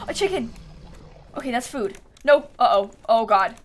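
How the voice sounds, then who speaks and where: A woman streaming a video game live, muttering softly to herself, then shrieking and laughing when things go wrong. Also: sits high, moderate pace. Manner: excitable, shrieks and laughs at setbacks. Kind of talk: live gameplay commentary.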